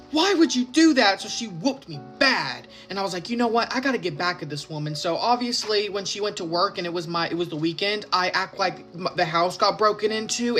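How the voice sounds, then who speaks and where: A woman casually telling a crude, joking storytime, acting out the lines of the people in it. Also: mid-range voice. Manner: crude, joking, lively quoting of others. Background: background music.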